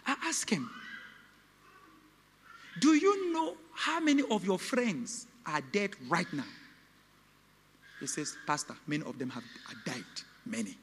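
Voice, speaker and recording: High, bright-voiced preaching man. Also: big pitch swings, a little slow, pauses often, husky, long reverb tail. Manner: preaching with sudden shouts and hushed drops. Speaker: pastor. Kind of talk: sermon.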